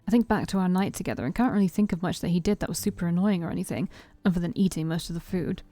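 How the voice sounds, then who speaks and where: A woman streamer reading a visual novel aloud in the first person, playful and expressive as she narrates and speaks the heroine's lines. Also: lowish voice, very fast, dry recording. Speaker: let's-play streamer.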